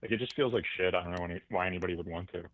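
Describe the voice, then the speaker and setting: A man's voice: deep voice, very fast, dull audio. A man chiming in casually on a livestream with easygoing remarks.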